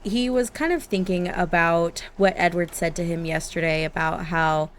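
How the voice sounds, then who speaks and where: A woman's voice: fairly low pitch, normal speed. Giggly woman chatting over gameplay. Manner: chatty, giggly, talks to her game characters. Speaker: gaming YouTuber. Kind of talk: casual gameplay commentary. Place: home office.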